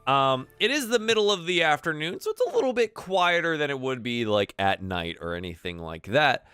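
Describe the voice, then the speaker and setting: A woman narrating a tabletop game as game master, in a relaxed, chatty way with fillers. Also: sits low, fairly quick, smooth, no room sound.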